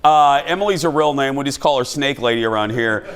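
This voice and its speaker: A man's voice: mid-range voice, fairly quick. A man hosting a comedic talk show in a TV studio, telling self-deprecating stories and jokes to a live audience. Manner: jokey, animated, self-deprecating storyteller. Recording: studio audience and background noise.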